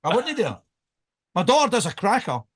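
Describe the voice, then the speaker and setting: Scottish guy hosting a podcast, high voice, joking around, chatty. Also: huge pitch swings, brisk, husky. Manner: joking, rambling, laughs often. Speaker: podcast host. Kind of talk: casual banter.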